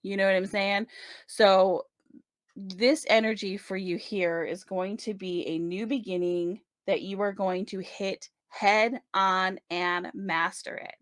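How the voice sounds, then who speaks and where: A woman's voice: medium pitch, steady tone, takes it slowly, no room sound, clean studio sound. A woman giving a casual tarot reading, chatty and reassuring, often checking in with the listener. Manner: chatty, reassuring, many "right?" check-ins. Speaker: tarot reader.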